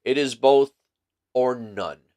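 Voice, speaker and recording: A man voicing a sharp, cool-headed detective who speaks in a dry, assured way. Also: mid-range voice, slow, lightly acted.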